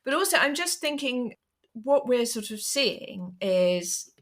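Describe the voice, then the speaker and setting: A woman's voice: fairly high pitch, very animated, slow, fairly bright tone. A middle-aged British woman co-hosting a podcast, thinking aloud and correcting herself as she builds her questions, with a wry humour. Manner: thoughtful, self-correcting, wry. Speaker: podcast co-host. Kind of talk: conversational expert discussion.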